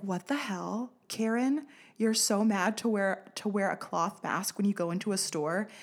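A young woman from the United States hosting a casual solo podcast, ranting sarcastically, swearing freely and laughing often. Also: medium pitch. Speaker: podcast host. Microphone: studio podcast mic.

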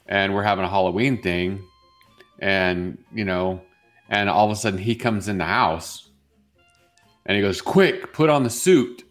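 A man co-hosting a morning show in casual chat, reacting with quick jokes and telling his own stories. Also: low voice, steady tone, fairly bright tone, faint music behind. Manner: quick reactive interjections, joking.

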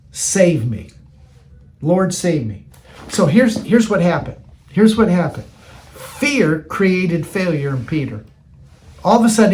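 High-pitched male preacher, casual sermon delivery, repeats lines for emphasis. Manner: conversational, repeats phrases for emphasis.

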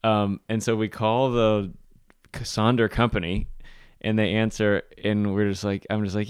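Smooth-voiced man telling a story. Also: lowish voice, normal speed, no room sound, clean studio sound. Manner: animated storyteller, laughs often. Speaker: podcast co-host. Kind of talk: casual chat.

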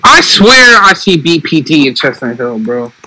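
A man from Boston explains things in relaxed podcast talk, laughing easily. His voice is bright and forceful and slightly high, recorded close and dry. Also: moderate pace, no room sound, rough recording. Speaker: podcast co-host. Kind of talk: casual chat.

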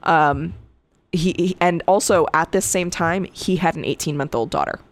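A woman co-hosting a true crime podcast, reading case details in a casual way and breaking into profane, animated asides. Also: on the low side, moderate pace. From Connecticut. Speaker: podcast co-host.

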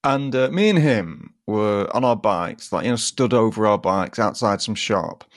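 On a podcast he co-hosts, a man tells a story in casual chat, laughing often and imitating the voices of the people involved. His voice is lowish with lively intonation and a moderate pace. The sound is studio quality, with no echo.

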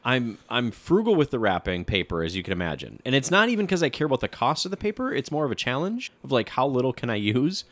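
Podcast co-host, male, animated up-and-down voice, blunt and grumpy, dry close studio sound. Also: medium pitch, quick pace, hardly any pauses, dry recording. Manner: blunt, grumpy, self-deprecating, swears. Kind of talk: casual chat. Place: studio, in person.

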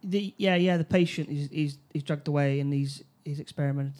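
A man recapping a film plot in casual chat, halting, with many restarts and fillers. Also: fairly high pitch, darkish tone. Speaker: film review co-host.

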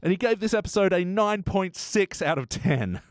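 A man's voice: high-pitched, expressive, normal speed, dry recording. Man hosting a dry, close-mic podcast. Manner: reads review quotes, laughs often. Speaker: podcast host. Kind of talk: casual chat.

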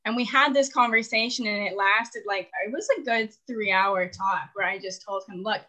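Speaking at normal speed in a bright, forceful mid-range voice, a woman in her twenties calls in seeking relationship advice. Her casual confessional story rambles, peppered with "like" fillers and frequent laughs, and the recording is rough.

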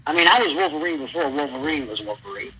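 A man's voice: on the high side, quick pace, slight background noise, poor audio. A middle-aged man, a former pro wrestler, telling stories as an interview guest and acting out the lines of the people he quotes. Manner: animated storyteller, acts out quotes loudly. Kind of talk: storytelling interview.

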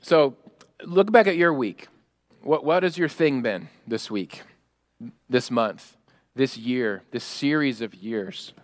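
A man preaching a sermon as pastor, animated, acting out prayers and quoting in a raised voice, with frequent laughs. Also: mid-range voice, takes it slowly, no echo, studio quality.

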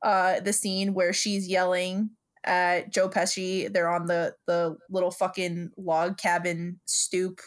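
A woman's voice: on the low side, little pitch movement, takes it slowly, hardly any pauses. Chatty, laughing woman podcast co-host. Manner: chatty, swears freely, laughs often. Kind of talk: casual chat.

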